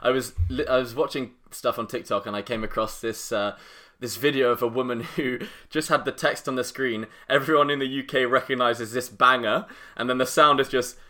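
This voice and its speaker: Bright-voiced man cohosting a podcast. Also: medium pitch, steady tone, brisk. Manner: laughing, teasing banter. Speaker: podcast co-host. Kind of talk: casual chat.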